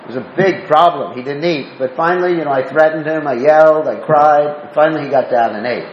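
A man's voice: a little high, brisk, a little hiss or hum, close to an everyday voice. A man voicing a young boy in a story he is retelling plainly, proud of his effort. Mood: earnest. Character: young boy, earnest devotee. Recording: roomy dull lo-fi recording.

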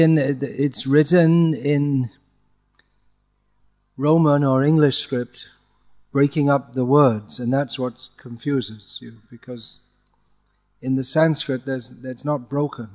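A man teaching a student to chant Sanskrit verses, correcting pronunciation patiently and chanting lines slowly to demonstrate. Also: medium pitch, fairly even intonation, darkish tone. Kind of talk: one-on-one chanting lesson.

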